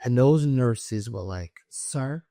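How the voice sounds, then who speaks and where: A middle-aged woman with a naturally loud voice, a guest telling an emotional personal story and acting out what others said. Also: extremely low pitch, slow pace, dry recording, clean studio sound. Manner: animated, acts out what others said.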